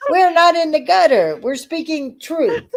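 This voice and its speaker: Woman host, slow bawdy banter, lively swooping voice, keeps laughing. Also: high-pitched. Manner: bawdy joking, laughs constantly. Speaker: livestream co-host. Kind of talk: casual livestream chat.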